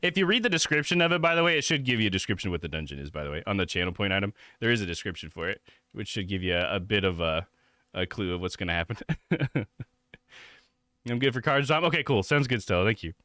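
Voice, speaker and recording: A man's voice: lowish voice, lively intonation, quick pace, pushed and bright, no room sound. A man playing a game live, chatting casually and chuckling between remarks to his chat.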